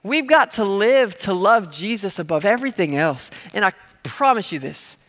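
A man's high voice, a bit bright and lively in intonation, moves at normal speed through a sermon he gives as pastor in a church hall with long, large-hall reverb. His delivery is conversational, with playful asides, everyday examples, and key words the crowd repeats.

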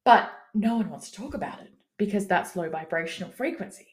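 A woman's voice: medium pitch, animated, fairly quick. A woman coach talking through her own views in a casual solo podcast, candid and cheeky, laughing now and then and swearing for emphasis. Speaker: business coach and podcast host.

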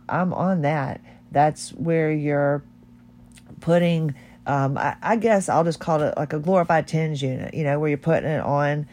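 This middle-aged woman has a low, warm voice and hosts her own podcast. She's tearful during the personal monologue, speaking from the heart in a candid, rambling manner.

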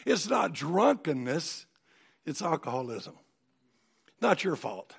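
A man's voice: on the high side, big pitch swings, slow pace, creaky, husky, exaggerated voice. A male preacher voicing the devil as a tempter with coaxing, reassuring words. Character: smooth-talking devil, soothing tempter.

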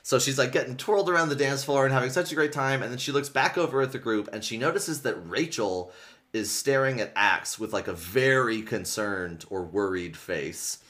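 A man's voice: mid-range voice, normal speed, a bit bright. A man hosting a podcast, chattily retelling a story with frequent laughter and lots of filler words. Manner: chatty, laughs often, many filler likes. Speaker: podcast host recapping a book series. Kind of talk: casual chat, retelling a story.

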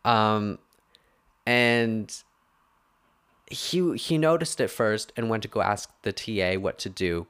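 A man's voice: on the low side, slow pace, pauses often, fairly bright tone, clear, resonant tone. Rambling young man ranting on a podcast. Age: young adult. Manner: rambling, heavy filler words, self-correcting. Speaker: podcast host. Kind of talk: casual podcast rant.

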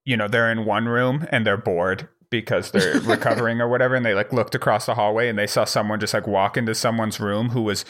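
A man co-hosting a podcast, telling stories in a casual, animated way that is full of swearing, and acting out the dialogue. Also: on the low side, brisk, hardly any pauses. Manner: animated, profane, acts out dialogue. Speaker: podcast co-host. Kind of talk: casual chat, storytelling.

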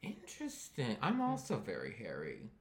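A man's voice: fairly low pitch, huge pitch swings, normal speed. Jokey podcast guy, voice swoops all over the place, laughs constantly. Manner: playful and jokey, laughs a lot. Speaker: podcast co-host. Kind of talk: casual podcast chat.

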